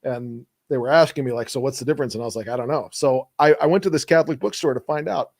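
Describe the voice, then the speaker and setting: A man with a Texan accent, co-hosting a podcast and telling his own story earnestly. His voice sits at an ordinary mid pitch, plain and conversational. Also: quick pace, creaky, a little mellow. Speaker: podcast co-host. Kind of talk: casual chat, personal story.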